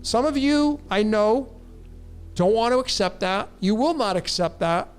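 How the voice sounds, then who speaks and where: A man's voice: high voice, expressive, a little slow, smooth, faint music behind. A man hosting a numerology show who answers viewer questions in a blunt, emphatic monologue and speaks straight to his listeners.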